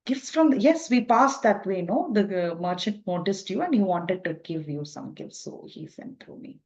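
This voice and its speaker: A woman voicing a clever, kind male royal minister who speaks gently and reassuringly, on a dull lo-fi recording. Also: mid-range voice, expressive, normal speed, natural voice. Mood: explaining.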